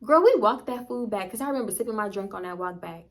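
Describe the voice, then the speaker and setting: A woman's voice: mid-range voice, animated, fast talker. A young woman vlogger telling a storytime casually, chatty and slangy, swearing freely and acting out what people said.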